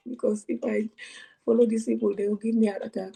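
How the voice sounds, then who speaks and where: This vlogger's voice is slightly high and mellow, with fairly even intonation, a quick pace, and vocal fry. She rants at the camera in a heated, confrontational way, constantly throwing rhetorical questions at her audience.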